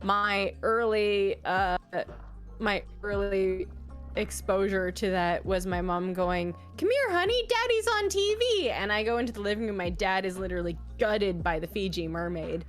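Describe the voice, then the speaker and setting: Animated Canadian woman telling stories. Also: medium pitch, measured pace, faint music behind. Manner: animated storyteller, swears freely, acts out quotes. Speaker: guest. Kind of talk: casual chat on a live podcast.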